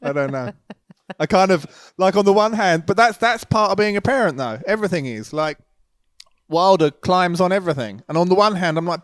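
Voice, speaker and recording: A man in his forties, a guest musician talking frankly and with animated humor in a casual interview from home. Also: sits high, dry recording, studio quality. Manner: frank, animated, quick to joke. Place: home, remote call.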